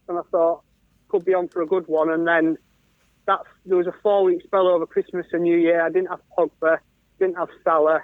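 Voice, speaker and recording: A man with a Northern English accent talks casually as a podcast guest, laughing easily and tripping into restarts. His voice sits high for a man. He comes through a tinny, phone-like line. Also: dry recording. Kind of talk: casual chat. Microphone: phone or call line.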